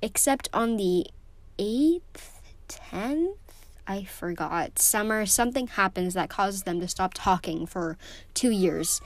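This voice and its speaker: In an unhurried casual vlog chat, a teen girl book vlogger sounds emotional and effusive, leaning heavily on fillers. Her mid-range voice comes through a dry, close recording with no room sound.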